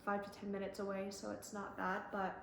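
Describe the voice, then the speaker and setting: This young woman vlogger talks a little fast in a monotone, medium-pitched voice that's a bit bright and has some vocal fry. Her personal story comes out casual and chatty, loaded with likes, ums, and quotes from other people. There's slight background noise, and the echoey room carries faint ambience.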